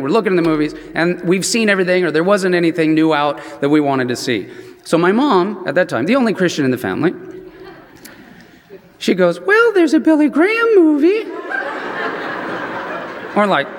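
Man with a high voice telling stories in a sermon, lots of "you know", echoey hall. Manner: chatty, animated, many "you know" asides. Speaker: preacher. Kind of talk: storytelling sermon. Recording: long reverb in a large hall.

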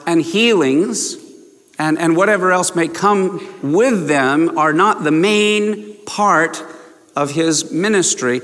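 A man's voice: a little high, fairly bright tone. A man preaching a sermon, stressing and repeating key phrases and putting questions to his congregation. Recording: long hall reverb.

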